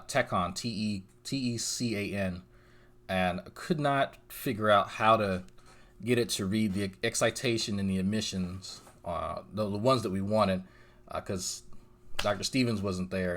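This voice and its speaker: A man's voice: fairly low pitch, fairly bright tone. A young man hosting a commentary channel, rambling casually and swearing often between chuckles. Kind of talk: casual chat.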